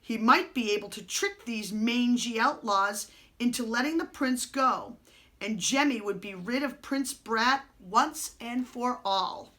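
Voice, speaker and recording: A woman reading a children's novel aloud to a child, slow and expressive, giving the characters their own voices. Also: fairly high pitch.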